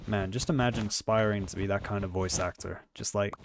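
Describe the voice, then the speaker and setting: A man's voice: fairly low pitch, fairly even intonation, a little fast, noisy background. A man chatting casually on a live stream, rambling and trailing off, with a quirky way of talking. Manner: rambling, trails off and restarts often; talks with many quirks, by his own account.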